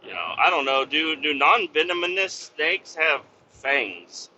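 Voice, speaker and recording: A man's voice: fairly high pitch, big pitch swings, slow, sharp tone, lo-fi sound, a little hiss or hum. A man hosting a podcast, talking in a casual, rambling, profane monologue full of fillers. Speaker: podcast host.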